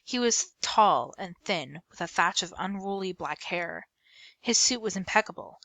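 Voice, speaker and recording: A woman reading a middle-grade novel aloud in an expressive storybook manner. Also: fairly low pitch, unhurried, no room sound. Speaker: book reader.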